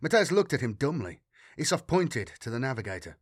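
A man reading a sci-fi audiobook in a steady, dramatic storytelling manner. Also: mid-range voice, brisk, breathy edge, no echo, clean studio sound. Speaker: audiobook narrator. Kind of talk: scripted narration.

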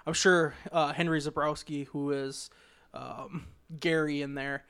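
A man's voice: on the high side, little pitch movement, fairly bright tone, smooth. A man co-hosting a podcast, easygoing and agreeable in casual chat. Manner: easygoing, agreeable, short replies and quick laughs. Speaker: podcast co-host.

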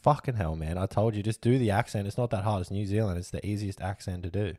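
Australian man hosting a footy podcast, lowish voice, dry close sound, exasperated and sweary. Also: fast talker, dry recording. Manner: animated, exasperated, swears freely. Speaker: podcast host. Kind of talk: comedic podcast sketch.

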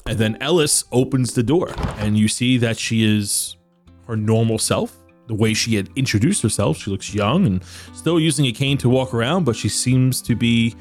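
A man narrating as game master of a tabletop role-playing game, quick to laugh with his players. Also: medium pitch, soft background music.

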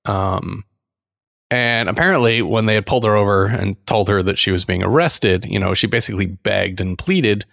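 Middle-aged male podcast co-host, low gravelly voice, lively storyteller who acts out quotes. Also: moderate pace. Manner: animated anecdote teller, acts out quotes. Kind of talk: casual storytelling chat.

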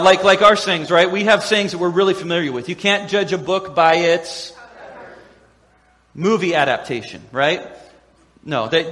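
Male pastor, high voice, playful animated sermon delivery, long hall reverb. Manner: animated, acts out quoted voices with humor.

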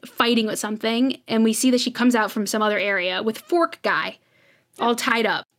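A woman's voice: on the high side, normal speed, fairly bright tone. A woman co-hosting a podcast, recapping episodes in a chatty storytelling way. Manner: chatty storytelling, acts out quotes. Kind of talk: casual recap chat.

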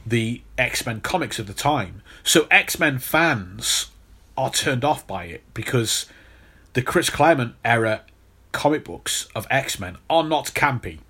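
A man's voice: medium pitch, expressive, slow pace, bright, forceful tone, slightly rough. A man hosting a podcast, telling a long story in casual chat with many restarts. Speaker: podcast host.

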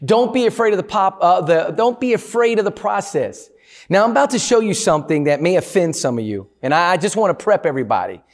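Lively high-voiced male motivational speaker. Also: fast talker. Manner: energetic, playful, asks the crowd questions. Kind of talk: motivational talk to a live audience.

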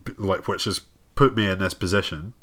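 A man's voice: deep voice, brisk, a bit bright. Tired man rambling in podcast chat. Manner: tired, rambling with many fillers and restarts. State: tired from lack of sleep. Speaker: podcast co-host. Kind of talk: casual chat.

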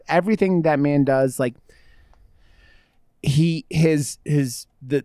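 A man chats casually about a film on a podcast, rambling and swearing, full of fillers and half-finished thoughts. His voice is clear and smooth, sitting in the middle of the male range. The sound is dry and close. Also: mid-range voice, darkish tone, no room sound. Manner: rambling, profane, jokey, many fillers. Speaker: podcast co-host.

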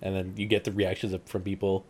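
A man's voice: low-pitched, level tone, a little fast, darkish tone, a little hiss or hum. A man from Canada chatting on a casual podcast, asking the group questions. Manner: upbeat, asks the group questions. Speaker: podcast co-host.

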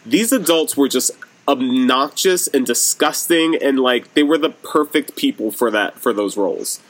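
A man's voice: mid-range voice, moderate pace. A man chatting casually as a podcast co-host, reviewing a movie with many fillers. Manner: animated, frequent "like" and "um" fillers.

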